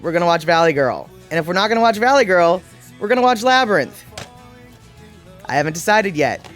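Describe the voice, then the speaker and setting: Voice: medium pitch, a bit bright. A livestream host in their forties chatting casually and reading viewer comments aloud, playfully exasperated.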